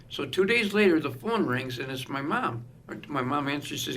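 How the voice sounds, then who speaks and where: A man's voice: a little high, moderate pace. A middle-aged man, telling stories in casual conversation and acting out the other people's lines. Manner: animated storyteller acting out quoted voices. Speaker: guest. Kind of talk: casual storytelling.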